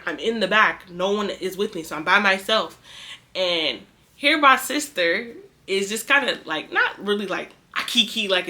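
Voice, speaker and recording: A young woman from the Bay Area casually telling a personal testimony, chatty and animated, acting out what people said. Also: medium pitch. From San Francisco Bay Area. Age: young adult. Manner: chatty, animated, acts out quoted speech. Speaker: vlogger sharing a testimony.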